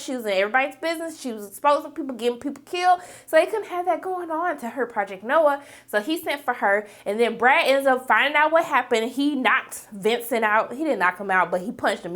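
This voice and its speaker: High-voiced chatty woman recapping a show. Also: a bit bright. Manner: chatty, addresses viewers as y'all, acts out characters' lines. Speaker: TV episode reviewer. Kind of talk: casual episode recap.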